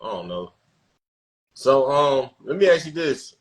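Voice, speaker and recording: Male podcast host, mid-pitched, casual and joking, loose delivery with frequent laughs. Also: big pitch swings, measured pace, low-quality recording. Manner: laid-back, laughs often, restarts sentences. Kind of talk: casual chat.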